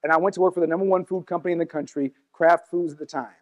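A man preaching a sermon as a church elder, sharing personal testimony, moving between quick asides and slow emphatic lines. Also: on the high side, fairly even intonation, dull audio. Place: church sanctuary. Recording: church hall with long reverb.

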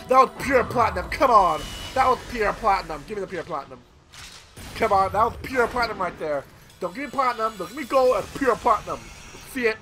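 A man giving casual gameplay commentary, rambling and excitable, swearing loudly at the game. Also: high voice, a little fast, rough recording. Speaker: gameplay streamer. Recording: loud game music behind voice. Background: game music and sound effects.

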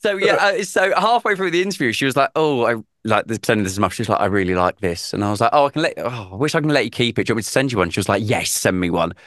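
A man's voice: medium pitch, racing, hardly any pauses, no echo. A man, a radio presenter, chatting casually on a podcast and acting out the people in his stories. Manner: animated storyteller, acts out quotes. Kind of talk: casual chat, storytelling.

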